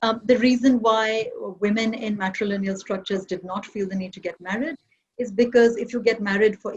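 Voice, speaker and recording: A woman's voice: mid-range voice, dull audio. Woman from India arguing on a video-call panel. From Kerala, India. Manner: reflective, argumentative academic delivery. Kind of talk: online panel discussion.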